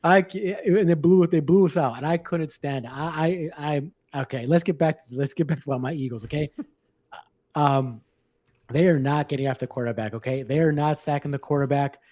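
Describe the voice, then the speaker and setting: A man's voice: on the high side, a little fast, a little mellow, no room sound, studio quality. A man co-hosting a sports podcast in casual chat, rambling and blunt, with lots of restarts. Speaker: podcast co-host.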